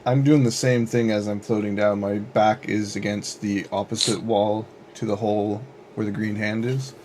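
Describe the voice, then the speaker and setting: A man's voice: lowish voice, steady tone, moderate pace, a little mellow, a little hiss or hum. A man playing at a tabletop game, chatting casually, joking and swearing freely. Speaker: player.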